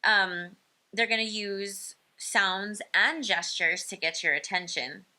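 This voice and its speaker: Slow, bright-voiced woman explaining. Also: medium pitch. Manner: explains slowly, many ums, imitates baby sounds. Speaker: speech-language educator. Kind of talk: informal parenting lesson.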